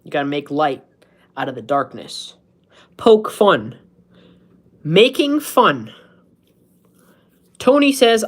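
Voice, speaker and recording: A man's voice: on the high side, huge pitch swings, slow, pauses often. A man in his thirties chatting casually on a live stream from home, rambling, self-mocking and laughing at his own jokes. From United States. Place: at home, indoors.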